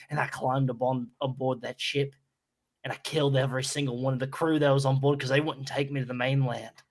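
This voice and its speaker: A man's voice: mid-range voice, creaky. A man putting on a brash Australian convict. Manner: boastful, swaggering storyteller. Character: brash violent male Australian escaped convict.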